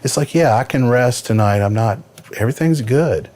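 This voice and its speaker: A man's voice: mid-range voice, moderate pace, darkish tone. A man in his fifties telling a personal story as a podcast guest, earnest and vivid. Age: 50s. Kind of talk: personal story in a casual interview.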